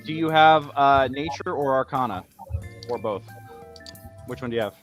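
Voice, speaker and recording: A man running a tabletop roleplaying game as game master, narrating scenes in a relaxed, descriptive way with lots of fillers. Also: medium pitch, normal speed, faint music behind.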